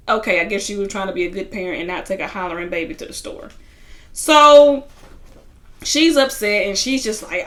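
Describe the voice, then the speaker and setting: A woman talks through a reality TV episode in a loose, chatty recap, with a bright, forward tone. She opens new points with louder, punchy restarts. She sometimes slips into the people she describes, retelling what they said. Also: on the high side. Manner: chatty storyteller, retelling scenes in quoted voices. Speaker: reality TV reviewer. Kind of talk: casual recap commentary.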